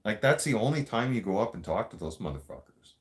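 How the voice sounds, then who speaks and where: A man with a very low voice tells stories in loose, casual chat, riffing without a script like a podcast host. He's fast, with lively intonation, talking bluntly, swearing heavily and laughing often.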